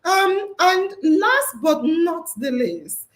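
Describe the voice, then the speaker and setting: A woman's voice: extremely high pitch, sing-song, extremely slow, roomy sound. A woman hosting a casual live chat, bubbly and full of laughter, speaking to her listeners as family. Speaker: podcast host.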